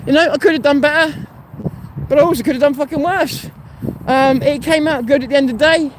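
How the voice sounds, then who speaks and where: A man's voice: very high voice, fairly even intonation, fairly quick. A man hosting a casual live stream while walking outdoors, talking in a rambling, blunt way and swearing freely. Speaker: host. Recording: street noise and traffic behind.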